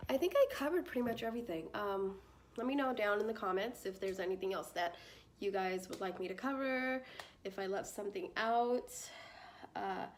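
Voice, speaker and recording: A young woman talking through plant care in a chatty, bubbly way, with lots of fillers and frequent laughs. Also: mid-range voice. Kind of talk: casual tutorial chat.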